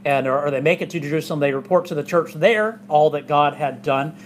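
A man's voice: fairly high pitch, fairly quick, slight background noise. A male pastor preaching a casual, conversational sermon in a church, with many asides. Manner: conversational, chatty, with frequent fillers and asides. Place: church sanctuary.

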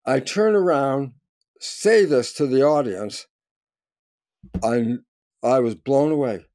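An older man, a scientist, telling a story in conversation with lively energy, acting out quoted voices and rising to near shouts. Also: medium pitch, slow, no room sound. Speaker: guest scientist.

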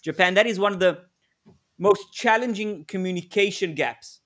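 A man co-presenting a live webinar, telling stories in an animated way and laughing often. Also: high voice, moderate pace. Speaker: co-presenter, negotiation expert.

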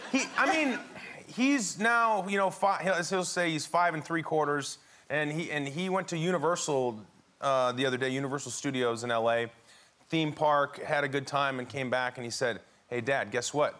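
A man's voice: fairly high pitch, normal speed, a bit bright. A man, a chat show guest, telling a family anecdote with easy laughter. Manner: laughing storyteller, easygoing.

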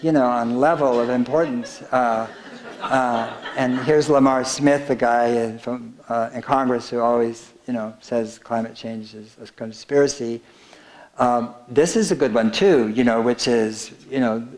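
A man's voice: medium pitch, darkish tone. An older man giving a conversational, wry public lecture with slides about his book in an auditorium, often laughing at his own jokes. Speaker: speaker presenting his book. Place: town hall auditorium.

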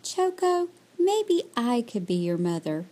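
A woman voicing a kind, motherly bear lady from a storybook, gentle and soothing. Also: a little high, very animated, takes it slowly, exaggerated voice. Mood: tender.

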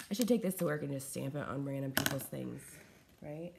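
Low-voiced woman gushing over fan mail. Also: brisk, vocal fry, noisy background. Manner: chatty and scattered, gushing over small items. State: unwell, coughing and short of breath. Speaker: craft vlogger opening fan mail. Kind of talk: casual unboxing chat. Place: at home in her living room.

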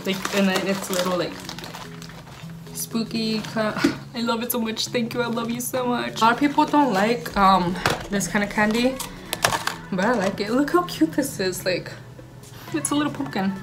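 A woman's voice: fairly high pitch, moderate pace, long pauses. A young woman vlogging casually, gushing and chatty as she tastes food at home, slipping Spanish words into her talk. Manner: bubbly, gushing, mixes in Spanish words while eating. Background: background music.

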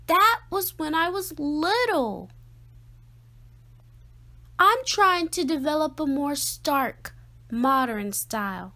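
A woman's voice: high voice, expressive, slow pace, long pauses, bright, forceful tone, voice pushed up, full character voice. A woman voicing a strong-willed, dramatic little girl who speaks emphatically. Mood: indignant. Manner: emphatic, indignant questions.

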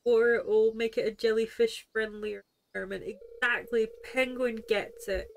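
A woman's voice: a little high, flat delivery, moderate pace, gravelly, few pauses. A young woman streaming a video game live, giggling, swearing freely and chattering to herself as she plays.

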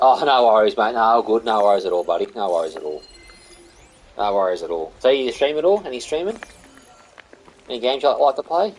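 A man's voice: on the low side, big pitch swings, fairly quick, long pauses, a little hiss or hum, low-quality recording. A young Australian man chatting casually with viewers on a live game stream, greeting them by name and calling them mate and buddy.

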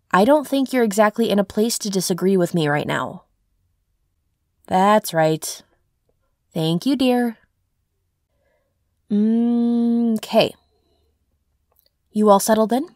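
A soft-spoken, tender girlfriend, played by a young woman in an audio role-play, easing her partner along in a slow, unhurried way. The sound is close and dry, with no room around it. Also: medium pitch, dry recording. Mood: gently firm.

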